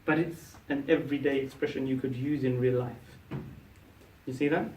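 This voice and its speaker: A man's voice: medium pitch, fairly even intonation, normal speed, darkish tone, a little hiss or hum. A man teaching a class, explaining and quizzing his students, checking in often with "yeah?". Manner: explains, asks the class questions; frequent "yeah?" and restarts. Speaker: Arabic teacher. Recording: echoey room, mic from a distance.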